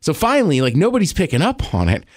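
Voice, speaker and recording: A man co-hosting a podcast in casual chat, telling stories with a voice that jumps high when excited. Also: fast, no room sound, studio quality. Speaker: podcast co-host.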